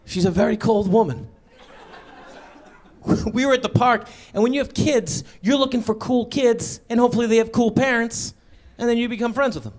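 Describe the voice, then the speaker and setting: High-voiced, excitable stand-up comedian. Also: male voice, normal speed. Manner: excitable, jumps into loud incredulous outbursts. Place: comedy stage before a live audience.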